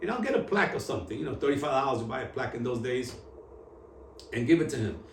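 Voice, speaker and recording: Animated New man in his 60s, roomy and distant. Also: medium pitch, fast talker. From New York. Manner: animated, street slang, mixes in Spanish. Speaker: founder telling his story. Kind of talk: on-camera storytelling interview. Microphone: camera at a distance. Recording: echoey room, voice from off-mic, faint hum.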